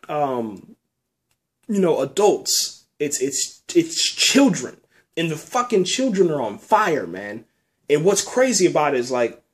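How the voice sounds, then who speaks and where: A man telling a nightmare in a loose, rambling way, swearing a lot and dropping "man" and "you know" all through. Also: fairly high pitch. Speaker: storyteller recounting a nightmare. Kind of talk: casual rambling storytelling.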